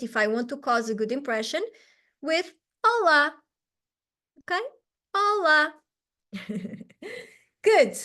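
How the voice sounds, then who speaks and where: A woman's voice: fairly high pitch, a bit bright. A woman, teaching a language class over a video call, patient and encouraging, often checking in with "okay?". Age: 40s. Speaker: Portuguese teacher.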